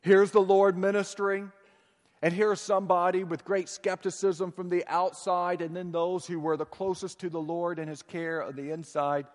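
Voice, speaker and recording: Preacher with a lively, swinging delivery. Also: male voice, high-pitched, normal speed. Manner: emphatic, swinging between loud proclamation and soft hushed asides. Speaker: pastor. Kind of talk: sermon. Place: church sanctuary. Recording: long reverb of a large hall.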